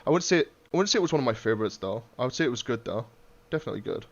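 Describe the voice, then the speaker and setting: A man's voice: mid-range voice, very animated, very fast. A man hosting a podcast in casual chat; he swears freely and acts out quotes. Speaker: podcast host. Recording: muffled lo-fi podcast audio.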